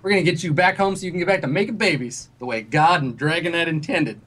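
A man's voice: fairly high pitch, fast, a bit bright, pitched above the performer's own voice. A man voicing a pushy, folksy middle-aged male ship salesman with a drawling, wheedling sales patter. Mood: hearty.

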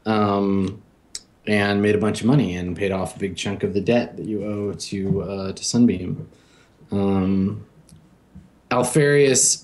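Brief: young male game master, lowish voice, halting casual narration full of ums. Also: a little mellow.

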